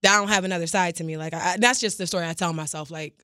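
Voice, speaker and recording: A young woman hosts a casual podcast chat, her bright, forward voice racing through a story. She acts out the people in it with quick impressions and swears freely. The sound is close and dry. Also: lowish voice, smooth, no echo. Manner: animated storytelling, mimics coworkers, swears freely. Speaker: podcast host and producer.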